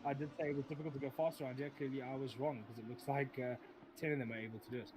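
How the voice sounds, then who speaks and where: A man's voice: mid-range voice, steady tone, racing, noisy background. A man giving live sim racing commentary, rambling, often correcting himself and joking as he goes.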